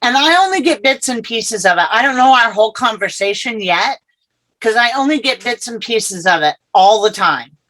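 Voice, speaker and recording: A middle-aged woman telling her personal story as an interview guest, earnest and halting, often repeating herself. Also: a little high, expressive, a bit bright, poor audio.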